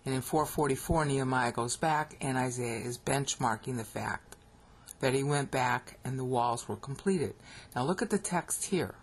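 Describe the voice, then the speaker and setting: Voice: mid-range voice, normal speed. A Bible teacher with an American accent, narrating a screen-recorded lecture and checking in with listeners with frequent "okay?" as they explain.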